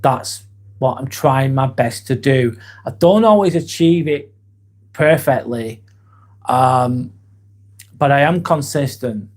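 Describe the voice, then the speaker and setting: A young man from England chats live with his viewers and reads their comments, his speech halting and sincere. He speaks at an ordinary middle pitch, loosely and without a script, often trailing off and starting over.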